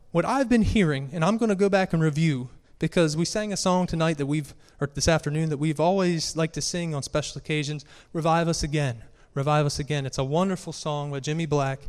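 A man's voice: a little high, darkish tone. A man preaching a sermon to a congregation, earnest and building force as he reads scripture aloud. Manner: earnest, rises and presses when reading scripture aloud. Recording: long reverb of a hall.

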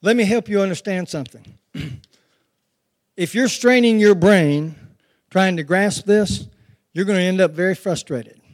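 A man's voice: high-pitched, unhurried, pauses often. A man preaching a sermon, calling on the congregation to repeat words back and dramatically retelling scenes. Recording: long hall reverb.

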